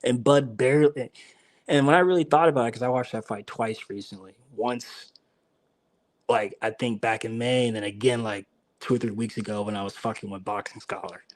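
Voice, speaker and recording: A man on a boxing talk show, retelling a fight in slangy, animated play-by-play. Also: medium pitch, fairly quick.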